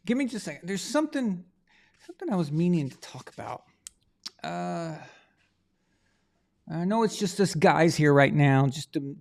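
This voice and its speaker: Gravelly-voiced man rambling on a livestream. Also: a little high, a little mellow. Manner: rambling, thinks aloud, trails off. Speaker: livestream host. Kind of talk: casual livestream chat.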